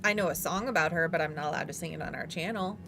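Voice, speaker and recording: A woman's voice: low voice, rapid-fire, a bit bright, slight background noise. A woman co-hosting a casual chat, talking in a playful, gushing way about miniatures. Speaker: co-host reviewing miniatures.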